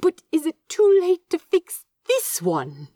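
A woman voicing a gentle, fussy male angel who frets and gasps in soft-hearted worry. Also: on the high side, huge pitch swings, slow pace, breathy edge, no echo, studio quality, voice pushed up, heavily acted. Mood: fretful. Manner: breathless, fretful, gasping. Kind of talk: podfic reading.

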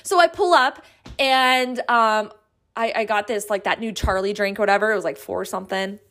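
A woman podcast host telling a personal story in a casual, excitable, chatty way, acting out the quoted lines. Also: medium pitch, normal speed.

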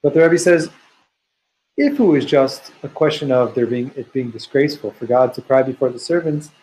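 A man's voice: mid-range voice, expressive, normal speed, mellow, a little hiss or hum, low-quality recording. A man teaching a study session. He reads Hebrew passages aloud and explains them in an earnest, searching way, often restarting his phrases. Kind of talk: text study lesson.

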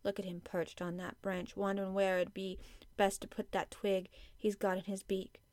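A woman voicing a gentle country boy. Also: medium pitch, normal speed, no echo, natural voice. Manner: broad dialect, calm and coaxing. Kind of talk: audiobook character reading.

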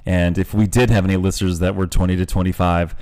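A man's voice: sits low, flat delivery, quick pace, a little mellow. Candid, joking man in his forties. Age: 40s. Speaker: podcast host. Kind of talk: casual podcast chat.

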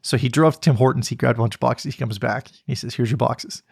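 A man's voice: mid-range voice, fairly even intonation, quick pace, creaky, breathy edge, no room sound. Man, middle-aged podcast host, reflective storyteller, dry close sound. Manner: candid, reflective. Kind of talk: personal storytelling.

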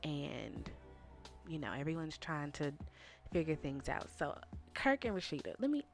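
A woman's voice: low voice, a little slow, soft background music. Sassy woman recapping reality TV. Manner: sassy, animated, talks straight to the viewers. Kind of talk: casual opinionated commentary.

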